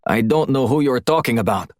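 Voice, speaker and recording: A man's voice: mid-range voice, lively intonation, brisk, darkish tone, no room sound, studio quality, pitched above the performer's own voice, close to an everyday voice. A male audiobook narrator voicing a cornered, nervous but defiant Russian guard with short, tense replies. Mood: defensive.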